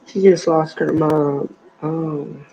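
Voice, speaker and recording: A woman's voice: deep voice, steady tone, takes it slowly, mellow, slight background noise, rough recording. A middle-aged woman with a heavy voice, chatting casually from her apartment on a livestream, meandering with lots of fillers. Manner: chatty and meandering, with many fillers and lost trains of thought. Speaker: livestream host. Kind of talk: casual rambling chat. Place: apartment at home.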